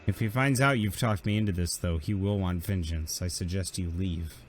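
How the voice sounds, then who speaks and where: A male game master with a fairly low voice, narrating a tabletop game. A faint hiss sits under his relaxed, explanatory talk. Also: moderate pace.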